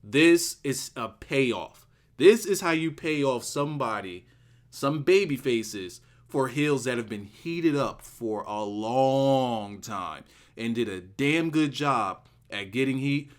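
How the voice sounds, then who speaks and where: A man giving a casual solo video review of a wrestling show, excitable and rambling, repeating words for emphasis. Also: medium pitch, slow pace.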